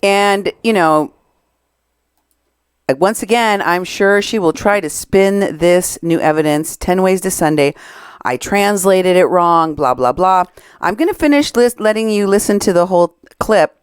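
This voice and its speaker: A woman's voice: medium pitch, moderate pace, clear, resonant tone, no echo. A Mexican American woman hosting a podcast, commenting on recorded clips in an indignant, sarcastic way. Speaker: podcast host.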